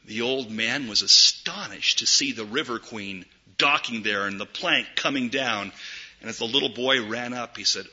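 Emphatic preacher, bright but husky, slow. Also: male voice. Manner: dramatic preaching, swings from loud emphatic peaks to hushed low asides. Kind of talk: sermon. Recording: dull lo-fi recording.

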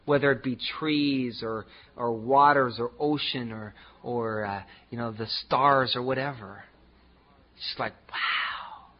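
A man preaching a sermon as pastor, emphatic and repetitive, swinging from loud declarations to hushed asides. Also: mid-range voice, fairly even intonation, a little slow, few pauses, muffled recording.

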